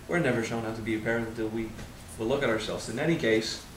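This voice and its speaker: A man in his thirties with a French accent, speaking at a spiritual seminar, frank and animated, swearing casually and drawing out key words. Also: mid-range voice, quick pace, reverberant, far from the mic, a little hiss or hum, rough recording. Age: 30s. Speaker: spiritual teacher. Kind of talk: seminar talk.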